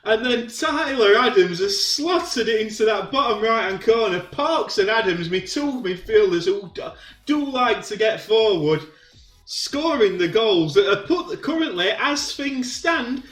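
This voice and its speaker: A man giving excited play-by-play commentary on a football video game, shouting when goals go in. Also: high voice, a little slow, echoey room, soft background music. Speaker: gaming commentator.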